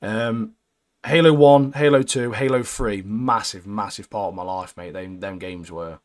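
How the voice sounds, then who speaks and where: Young guy ranting about games, lowish voice, mate every line. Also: unhurried. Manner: blunt, says "mate" constantly, trails off low at line ends. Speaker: co-host. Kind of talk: casual gaming chat.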